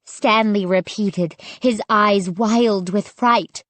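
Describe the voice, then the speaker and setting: Slow, measured woman narrating a spooky audiobook. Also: mid-range voice, steady tone, fairly bright tone, dry recording.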